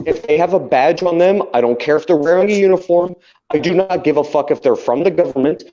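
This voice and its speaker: A man's voice: a little high, fast, warm tone. A man co-hosting a podcast in casual chat, ranting heatedly and swearing constantly. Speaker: podcast co-host. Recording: dull lo-fi sound.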